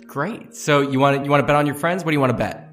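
A man's voice: a little high, quick pace, faint music behind, close to an everyday voice. A man voicing a sly, bored male beast in a tabletop game, coaxing and playful with a folksy manner. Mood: teasing.

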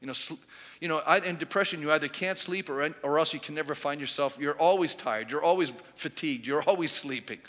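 High, bright-voiced man preaching in a reverberant hall. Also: brisk. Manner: conversational preaching with rhetorical questions. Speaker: pastor. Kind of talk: sermon.

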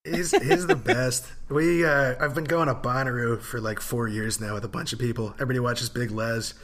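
A man chatting casually as a podcast co-host, excitable and swearing often. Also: medium pitch, moderate pace. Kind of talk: casual chat.

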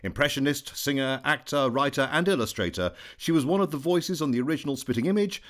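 A man's voice: mid-range voice, fast talker, a bit bright. A man hosting a podcast, reading a scripted introduction with a playful, wry delivery. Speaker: podcast host.

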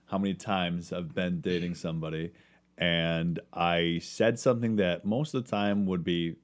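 A man co-hosts a casual podcast chat in a low-pitched voice at normal speed. An animated storyteller, he acts out what people said.

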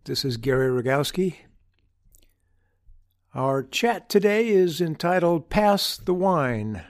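A man hosting his own show, telling a reflective personal story in an unhurried, wry way with humorous asides. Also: on the high side, lively intonation. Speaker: podcast host.

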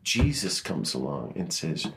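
An American man speaking as an interview guest, telling passionate, animated stories about a faith-driven vision of peace. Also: extremely low pitch, a little slow, gravelly. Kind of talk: conversational interview.

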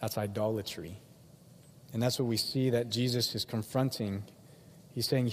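A young man preaching a sermon, animated and acting out the people he quotes in different voices. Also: fairly low pitch, normal speed, big-room sound, a little hiss or hum. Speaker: pastor.

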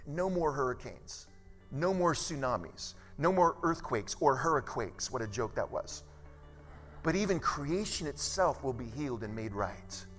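Pastor preaching in a reverberant hall. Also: male voice, mid-range voice, a bit bright. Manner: conversational, asks the congregation questions. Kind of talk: sermon.

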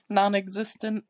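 A woman's voice: mid-range voice, a little mellow, no room sound. A woman co-hosting a casual podcast chat, blunt and swearing freely, laughing often. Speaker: podcast co-host; married mother.

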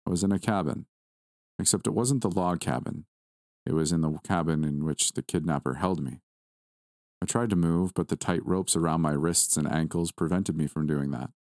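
A man reading a first-person horror story aloud at a steady, measured pace. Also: rumbling low, dry recording, clean studio sound. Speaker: story narrator.

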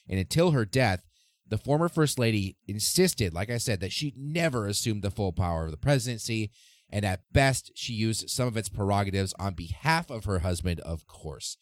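A man hosts a history podcast and tells the story casually, swearing freely and keeping an irreverent tone. His voice sits low. The recording is close and dry, with no room sound. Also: no echo. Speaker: podcast host.

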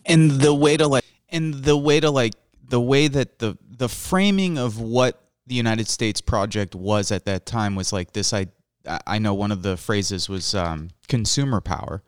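A man's voice: medium pitch, moderate pace, clear, resonant tone, no room sound, studio quality. A man hosting an interview, talking casually and rambling a bit, with many "like" fillers. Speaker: host. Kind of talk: conversational interview.

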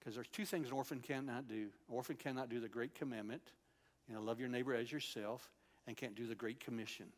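An older man preaching a sermon in an animated storytelling way, dropping to a soft, tender voice when he quotes God. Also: mid-range voice.

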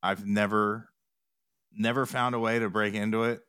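A man's voice: fairly low pitch, little pitch movement, normal speed, sharp tone, clear, resonant tone, dry recording, clean studio sound. A man chatting as an interview guest, rambling with restarts and retold quotes. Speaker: podcast guest, TikTok music reactor. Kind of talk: casual interview chat.

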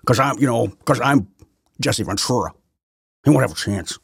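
A man's voice: medium pitch, moderate pace, creaky, slightly rough, no room sound, studio quality. A man doing a mocking impression of a boastful male politician who keeps bragging about himself.

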